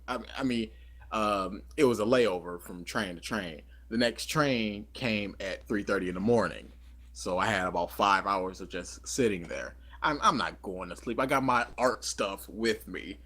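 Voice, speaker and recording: A man's voice: on the low side, pushed and bright. A man co-hosting a podcast, chatting casually and telling a rambling story full of fillers and self-corrections. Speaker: podcast co-host.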